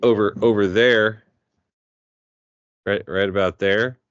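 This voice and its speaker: A man's voice: fairly low pitch, steady tone, slow, no echo. A man co-hosting a podcast, telling rambling stories in casual chat and swearing freely. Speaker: podcast co-host. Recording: dull lo-fi podcast audio.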